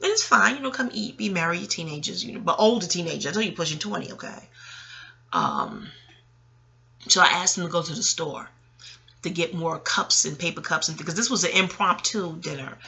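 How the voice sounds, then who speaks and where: A woman in her late forties, an audio blogger, rambles casually through family stories in a low, brisk, gravelly voice. She's chatty and frank, animated, arguing and talking back to herself, with laughing asides and plenty of profanity.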